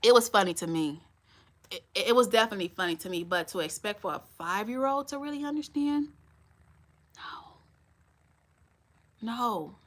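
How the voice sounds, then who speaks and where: A woman's voice: mid-range voice, expressive, fast, a bit bright. A woman in her forties hosting a live stream, talking bluntly and straight to her viewers. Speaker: channel host.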